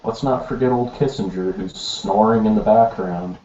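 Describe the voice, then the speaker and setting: A man's voice: lowish voice, moderate pace, warm tone, a little hiss or hum. A man co-hosting a comedy podcast, making wry, mocking remarks. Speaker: podcast co-host. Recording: echoey room, muffled lo-fi.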